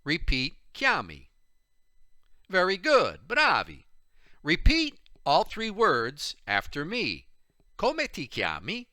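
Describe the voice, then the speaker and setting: Guy teaching a language lesson, bouncy pitch all over the place, slow and bright, really encouraging. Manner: animated, encouraging, exaggerated intonation. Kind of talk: video language lesson with repeat drills.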